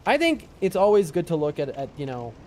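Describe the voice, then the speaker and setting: A man's voice: fairly high pitch, sing-song, a little fast, slight background noise. An American man in his late twenties, a streamer chatting casually with his chat while he plays, rambling and talking back to viewers. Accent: American, shifting East Coast. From United States. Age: late 20s. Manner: chatty, rambling, answers chat mid-game. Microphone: headset. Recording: loud music behind.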